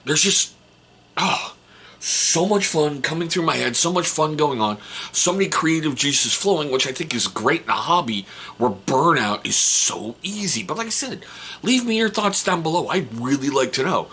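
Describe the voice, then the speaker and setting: A man hosting a casual hobby vlog, rambling and excitable, and swearing casually. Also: on the high side, normal speed, breathy edge. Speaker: hobby channel host.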